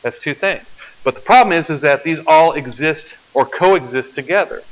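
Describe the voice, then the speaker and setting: A man's voice: a little high, normal speed. A man teaching a biology class, explaining step by step and often checking that the students follow. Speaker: biology lecturer. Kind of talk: classroom lecture. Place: lecture hall. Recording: dull lo-fi classroom recording.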